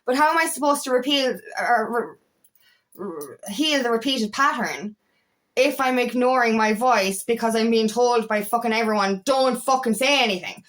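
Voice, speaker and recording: A woman's voice: fairly high pitch, normal speed, a bit bright. A woman coach talking to camera in a passionate, blunt way, swearing often as she speaks. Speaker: empowerment coach. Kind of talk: casual monologue to camera.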